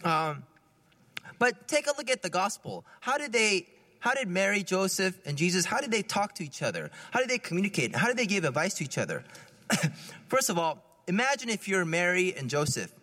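A man's voice: high-pitched, very animated, normal speed, pushed and bright, big-room sound. A man, a priest, giving a conversational homily, often laughing as he talks.

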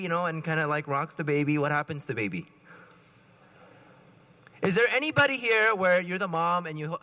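A man preaching a sermon in a conversational, animated way, acting out little scenes as he talks. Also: high-pitched. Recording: reverberant hall.

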